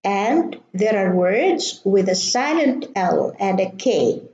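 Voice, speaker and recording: A woman teaching English pronunciation, reading word lists aloud slowly and deliberately, with fillers now and then. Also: mid-range voice, very animated, darkish tone. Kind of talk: slow classroom-style pronunciation lesson. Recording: roomy, dull lo-fi recording.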